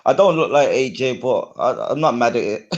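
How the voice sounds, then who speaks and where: A man's voice: medium pitch, muffled recording. A man co-hosting a casual fight watchalong, talking in an easygoing way and agreeing often. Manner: slow, easygoing, lots of agreeing murmurs. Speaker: watchalong co-host. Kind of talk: casual chat.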